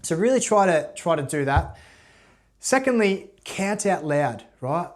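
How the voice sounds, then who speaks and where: A man gives a casual guitar lesson, talking through each step in a relaxed, conversational way. His voice sits a little high for a man. He keeps checking in with his viewers, ending nearly every point with "right?". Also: normal speed. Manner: relaxed, repeats "right?" often. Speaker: guitar teacher.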